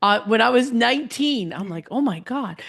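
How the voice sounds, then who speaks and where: A woman's voice: on the high side, normal speed, gravelly. Chatty podcast host woman, New Jersey accent. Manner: chatty, animated storytelling. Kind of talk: casual chat.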